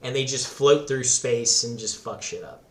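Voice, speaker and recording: A man rambles through a casual podcast chat, cursing freely and laughing often. He sits at an ordinary pitch, and his voice rings out in a roomy, echoing space. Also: moderate pace, fairly bright tone, slight background noise. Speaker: podcast guest. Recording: roomy echo.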